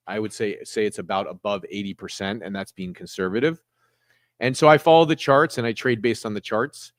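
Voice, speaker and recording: A man's voice: fairly low pitch, a bit bright, dry recording, clean studio sound. A man hosting a casual livestream, rambling through his stock trades with frequent fillers and restarts. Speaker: trading livestream host.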